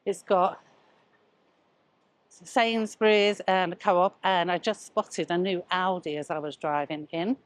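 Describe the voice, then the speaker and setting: An older woman travel vlogger leads a walking tour outdoors on a town street, speaking slowly in a lowish, steady voice. She's chatty, a bit out of breath from walking, and points things out as she goes, with no echo.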